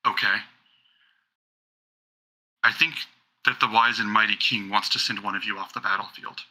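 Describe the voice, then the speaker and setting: A man voicing a sympathetic male minotaur champion who speaks low, hushed and frank. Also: steady tone, moderate pace, rough recording. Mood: polite.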